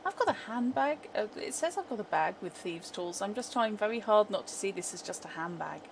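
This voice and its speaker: A woman's voice: mid-range voice, brisk, gravelly, a little hiss or hum, low-quality recording. A woman playing in a tabletop game, chatting casually in a wry, talkative way. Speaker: player.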